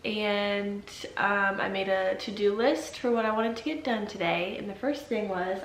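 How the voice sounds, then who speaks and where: A young woman in her twenties chatting casually to camera at home, bubbly and quick to laugh, with a just-woken morning voice. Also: medium pitch, fairly bright tone, a little hiss or hum. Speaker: vlogger and teacher. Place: at home indoors. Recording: echoey room.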